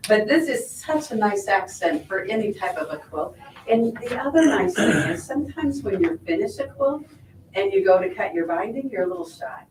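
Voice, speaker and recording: A woman's voice: mid-range voice, animated, normal speed, far from the mic, a little hiss or hum. A woman sewing instructor giving a hands-on quilting demonstration, explaining step by step and checking in with her viewers as she goes. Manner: friendly step-by-step explaining, checking in with "right?" and "okay?". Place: sewing shop or studio. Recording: echoey room, voice from off-mic.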